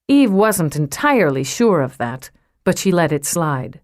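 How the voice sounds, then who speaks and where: A woman reads a novel aloud as an audiobook narrator, telling the story in a measured, even way. Her voice sits fairly low, and the scripted narration is captured dry with studio quality.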